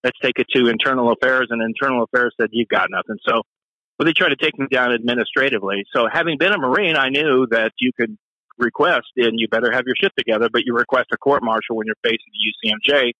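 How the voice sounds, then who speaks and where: A man, a former police officer and Marine, telling a profane story in an animated way and acting out the voices he quotes. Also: quick pace, no room sound, poor audio. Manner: profane, acts out quoted voices with sharp pitch jumps.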